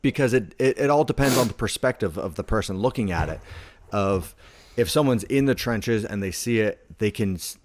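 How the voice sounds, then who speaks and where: Low-voiced man telling stories casually. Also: lively intonation, normal speed, no echo. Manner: laid-back storytelling, heavy on filler words. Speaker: podcast co-host. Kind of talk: casual chat.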